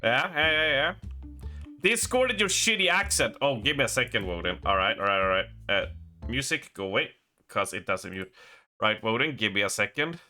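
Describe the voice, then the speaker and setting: A man's voice: medium pitch, sing-song, moderate pace, bright, forceful tone, soft background music. An Australian man chatting casually while streaming a game, rambling with lots of fillers and frequent laughter. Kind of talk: casual chat while gaming.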